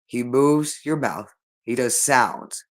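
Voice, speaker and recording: A man's voice: medium pitch, slow pace. Man talking in a repetitive, insistent way. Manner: repetitive, insistent, addresses listener directly. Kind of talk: rambling spoken monologue.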